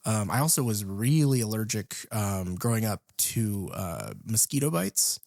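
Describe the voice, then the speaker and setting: A man's voice: lowish voice, sing-song, a little slow, creaky, a little mellow, dry recording. Male podcast co-host, hesitant casual talk, many ums, dry close recording. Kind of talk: casual film chat.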